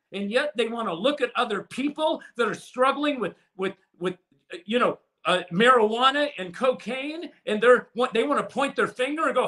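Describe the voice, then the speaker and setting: A man preaching a sermon with passion, swinging from loud to hushed and repeating words as he restarts phrases. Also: sits high. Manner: impassioned preaching with sudden swings from loud to soft. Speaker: pastor.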